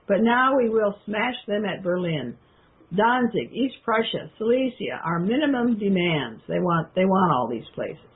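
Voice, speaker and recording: A woman's voice: medium pitch, husky. A woman reading passages from a book aloud, then stopping to comment loosely to her listeners with plenty of fillers. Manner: addresses listeners directly. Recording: tinny phone-like sound.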